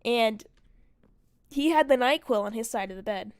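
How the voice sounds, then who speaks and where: A woman's voice: fairly high pitch, normal speed, dry recording, studio quality. A woman streamer telling a story in casual chat, rambling and profane, full of "like" fillers.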